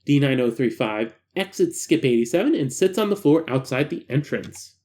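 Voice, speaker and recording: Animated man reading a horror file. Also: mid-range voice, moderate pace. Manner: animated, breaks off for jokey asides. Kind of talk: dramatic reading with asides.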